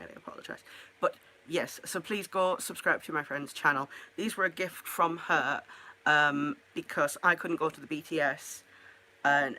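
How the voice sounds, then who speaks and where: Bright-voiced chatty woman vlogging. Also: sits low. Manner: rambling, chatty, self-mocking asides. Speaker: pet keeper vlogger. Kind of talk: casual chat to camera.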